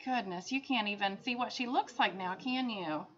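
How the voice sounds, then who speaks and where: A woman teacher reading a picture book aloud to children, expressive, with chatty asides. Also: medium pitch, moderate pace, noisy background. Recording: dull lo-fi sound.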